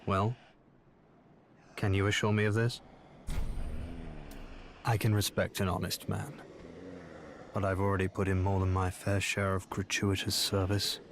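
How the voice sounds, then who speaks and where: An actor playing an aloof, scholarly male sorcerer in a video game, speaking in a measured, formal way. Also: deep voice, little pitch movement. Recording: game audio with clear background noise.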